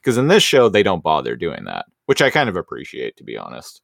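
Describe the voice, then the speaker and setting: A man's voice: deep voice, huge pitch swings, brisk, gravelly, no room sound, clean studio sound. A man co-hosting a podcast, talking in casual chat with stammering restarts. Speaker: podcast co-host.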